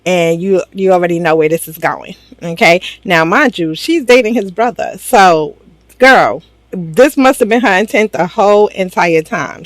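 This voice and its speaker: A woman's voice: medium pitch, dry recording. A woman casually recapping a TV drama episode for her viewers, gossipy and slangy, laughing often. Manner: slangy, talks straight to viewers.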